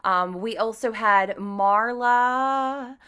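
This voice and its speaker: Bright, bubbly woman podcast host. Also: on the high side, extremely slow, smooth. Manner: bubbly, chatty, playful. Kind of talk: casual solo podcast chat.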